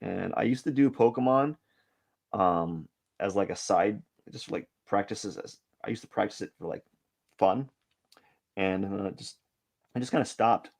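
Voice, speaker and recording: A man with a gravelly, low, darkish voice sketches on a live stream, speaking a little slowly with long pauses. He thinks aloud in a loose, rambling way, hesitant and doubtful of himself, and is self-deprecating about his art.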